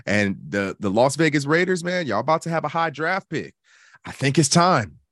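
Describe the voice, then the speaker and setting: A man co-hosting a casual sports talk show, animated and joking, cursing freely as he reviews a team's season. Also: on the high side, normal speed, no echo, studio quality. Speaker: podcast co-host.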